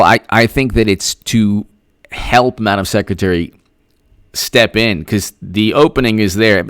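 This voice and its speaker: A man hosting a political commentary livestream, reading out viewer comments and thanking them by name in an excitable, rambling way, often repeating himself. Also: lowish voice, dry recording, studio quality.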